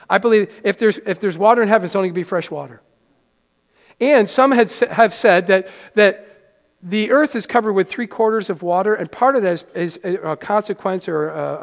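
A middle-aged man preaching a sermon in a church in a conversational way, stumbling over restarts and sinking to soft, quiet lows. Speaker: pastor. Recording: long hall reverb.

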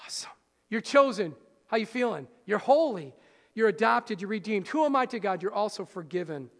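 High-voiced man preaching in a hall. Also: expressive, a little fast. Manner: preaching with swings from loud rousing to hushed and soft; speaks straight to the congregation with questions. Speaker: pastor. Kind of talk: sermon. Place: church hall. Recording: hall reverb.

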